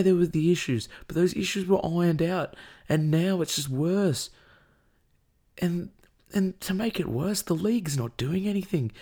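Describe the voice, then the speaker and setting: A man's voice: fairly high pitch, creaky, dark tone. An Australian man hosting a show, delivering an angry, profane and emotional rant as commentary.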